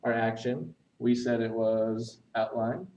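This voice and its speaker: A man teaching essay structure, talking while he writes on a board and pausing to correct himself. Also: medium pitch, dark tone, distant mic, low-quality recording. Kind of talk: recorded writing lesson.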